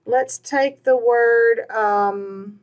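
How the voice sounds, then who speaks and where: A woman, teaching a recorded Spanish grammar lesson, patiently repeating words slowly with "all right" and "um" between points. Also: a little high, fairly even intonation, clear, resonant tone, highs cut off.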